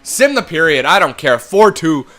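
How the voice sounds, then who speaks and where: A young man with a bright, forceful voice narrates his hockey game as he plays it. He mutters to himself and then bursts into swearing and angry yelling. Faint music plays behind him. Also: on the high side, big pitch swings, moderate pace. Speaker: gaming YouTuber. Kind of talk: game commentary.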